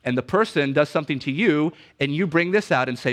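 A man preaching a sermon in a conversational teaching manner, often checking in with "right?" and "okay?" and slowly repeating key definitions so listeners can write them down. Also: a little high, animated, a bit bright. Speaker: pastor.

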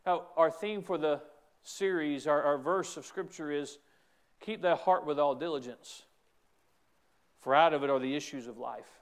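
A man preaching a sermon as a pastor, emphatic, with repeated restarts and stretches where he rises to a shout. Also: on the high side, moderate pace.

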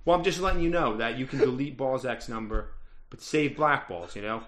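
A man's voice: medium pitch, fairly quick, fairly bright tone, close to an everyday voice. A man voicing a paranoid male criminal who insists on his new name, in a tabletop game. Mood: touchy. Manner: touchy, paranoid, boastful.

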